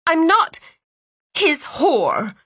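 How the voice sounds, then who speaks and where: A frightened young heroine in a storybook, as a woman puts her on, her voice raised higher and quivering. It is breathy and dry, close to the ear. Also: animated, a little slow, a bit bright, no echo, heavily acted. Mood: frightened defiance.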